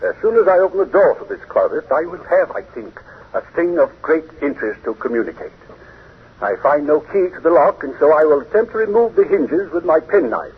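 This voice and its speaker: A formal, methodical male investigator reports in precise, measured phrases. His voice is husky and lively in pitch. The sound is tinny, like an old radio broadcast. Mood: hurried. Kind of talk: 1940s radio drama acting.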